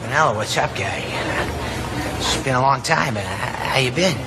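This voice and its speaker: A man doing a gravelly, crude, boozy man-child. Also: medium pitch, animated, moderate pace, over loud music, a loud crowd, close to an everyday voice. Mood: brash. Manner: crude, swaggering, calls people guy and dude. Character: brash boozy middle-aged man-child, crude and loud.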